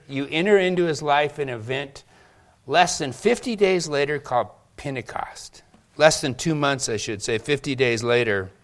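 A man preaching a sermon, retelling scripture dramatically and acting out the voices in the quotes. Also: a little high.

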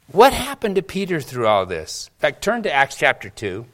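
A man's voice: a little high, huge pitch swings, normal speed, hardly any pauses, a bit bright. A man preaching a sermon, retelling scripture dramatically and acting out the voices in the quotes.

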